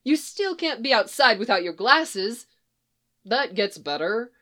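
A woman's voice: fairly high pitch, lively intonation, unhurried. A woman voicing a brash, frank middle-aged farm mother who is blunt and folksy. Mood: earnest.

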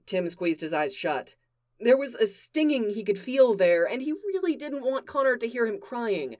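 A woman reading fan fiction aloud in a slow, deliberate narration. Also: fairly high pitch, sing-song, darkish tone. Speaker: reader.

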